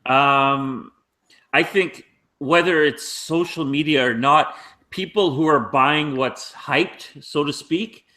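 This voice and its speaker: Man, podcast co-host, bright voice, slightly high, thoughtful. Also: slow. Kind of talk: casual chat.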